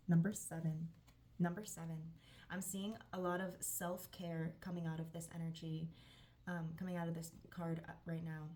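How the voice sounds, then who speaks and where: A woman's voice: fairly low pitch, flat delivery, normal speed, a little mellow. A woman giving a channeled tarot reading, affirming and gushing, with frequent sighs. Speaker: tarot reader.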